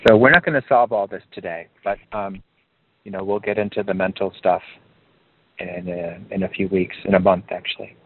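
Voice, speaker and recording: A man coaches over a narrow, phone-like line, his voice sitting fairly low. He speaks calmly and encouragingly, often lifting his pitch to stress a point. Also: normal speed, a little hiss or hum. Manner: calm, encouraging, rises in pitch for emphasis. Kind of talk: group coaching call.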